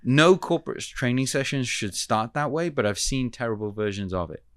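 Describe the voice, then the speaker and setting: A man who is a communication expert, explaining ideas in a measured, teacherly way as a podcast guest. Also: mid-range voice, clear, resonant tone, no echo, studio quality. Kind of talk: podcast interview.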